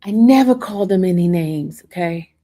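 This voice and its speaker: A woman's voice: fairly low pitch, animated, moderate pace, warm tone. A woman talking defensively to her livestream viewers, laughing often and addressing them as y'all. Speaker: livestream host. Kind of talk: casual livestream chat.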